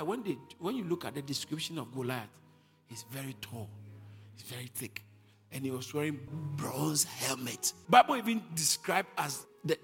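Male preacher, high animated voice, long hall reverb; quiet teaching that rises to shouted declarations. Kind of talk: sermon.

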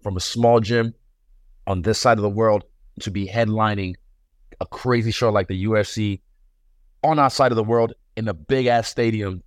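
A man with a low voice, recorded dry and close, chatting as a guest in a casual interview. He talks in a laid-back, swaggering way. He now and then acts out other people's lines. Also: steady tone, normal speed, dry recording. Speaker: guest fighter.

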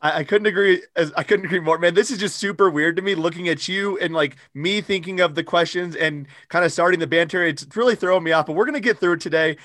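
Brash male podcast host, casual opinionated chat, rapid delivery, dry close sound. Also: high voice, fairly bright tone, no echo.

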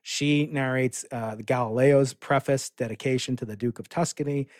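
American guy rambling excitedly on a podcast, lots of uhs, medium voice, dead dry sound. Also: mid-range voice, moderate pace, no room sound. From United States. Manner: enthusiastic, rambling with many fillers and restarts. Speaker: physicist guest. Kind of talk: casual interview storytelling.

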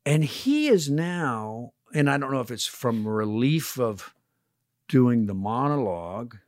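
A man in his sixties, an actor guest, telling animated stories in a casual podcast interview, sometimes swearing. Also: mid-range voice, slow, dry recording, clean studio sound. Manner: animated storyteller, swearing, acts out quotes. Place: podcast studio. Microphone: studio headphones and mic.

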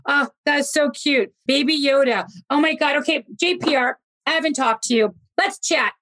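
A woman co-hosting a podcast over a video call, excitable and gushing, often cutting in. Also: sits high, normal speed. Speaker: podcast co-host. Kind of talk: casual podcast chat.

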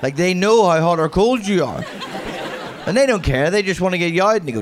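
A young man with a strong accent doing a stand-up comedy set, mumbling and wry in a deadpan way. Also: high-pitched, fairly quick. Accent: strong regional accent. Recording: noisy live venue recording.

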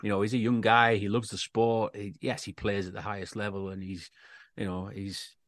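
Low british guy rambling on a podcast, lots of ums, dry close sound. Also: little pitch movement, moderate pace, fairly bright tone, dry recording. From Britain. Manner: rambling, lots of fillers and restarts. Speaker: podcast co-host. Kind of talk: casual chat.

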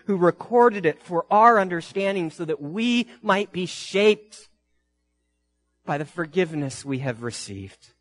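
A pastor preaching a sermon in a church, reading scripture in a deliberate, earnest way and rising with emphasis. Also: male voice, a little high, fairly bright tone, no echo.

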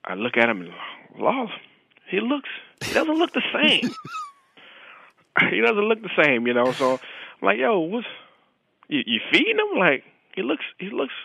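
A man's voice: sits high, huge pitch swings, moderate pace, vocal fry, pauses often, sharp tone, breathy edge, rough recording. A young man, a pro football player, telling a rambling anecdote as a podcast guest and leaning on "you know". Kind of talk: casual anecdote storytelling.

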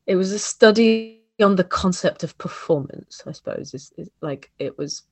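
Male podcast host, casual, halting chatter, dry studio sound. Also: sits high, expressive, vocal fry, darkish tone, no room sound. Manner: chatty, many restarts and "like" fillers.

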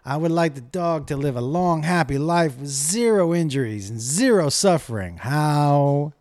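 A man's voice: on the high side, expressive, moderate pace, a little mellow. A middle-aged man telling a comic rant to camera, profane and exasperated as he tells a story.

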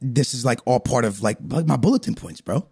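A man hosting a casual livestreamed podcast, excitable and pushy, often calling people "bro". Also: medium pitch, fast, gravelly, slightly rough. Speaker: podcast host.

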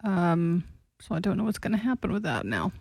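A woman's voice: on the low side, sing-song, fairly quick, darkish tone, breathy edge, dry recording, clean studio sound. A woman co-hosting a talk radio show, giving brief, easygoing replies. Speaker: radio co-host. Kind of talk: casual talk radio banter.

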